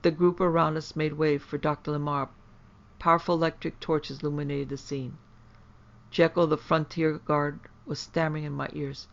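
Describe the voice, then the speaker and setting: A man reading a horror story aloud in a measured, grave way. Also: a little high, flat delivery, gravelly. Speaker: narrator. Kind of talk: scripted horror story narration. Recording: dull lo-fi.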